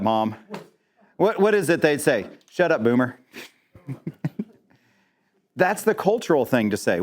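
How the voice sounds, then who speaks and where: A man teaching an interactive Bible lesson, quizzing the class with questions and dropping in joking asides. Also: mid-range voice.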